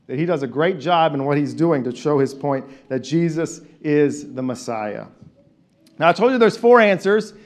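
Animated high-voiced male pastor. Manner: animated, conversational, leads call and response. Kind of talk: sermon.

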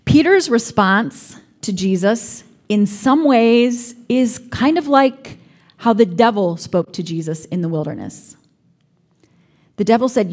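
A woman's voice: a little high, lively intonation, slow pace, darkish tone. A woman preaching a sermon, reflective, sometimes acting out the lines she quotes.

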